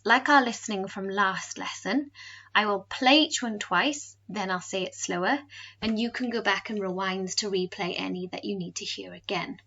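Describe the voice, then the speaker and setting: A woman teacher explaining a language lesson in a clear, patient way. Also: mid-range voice, normal speed, pushed and bright, lo-fi sound. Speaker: French teacher. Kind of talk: recorded home lesson.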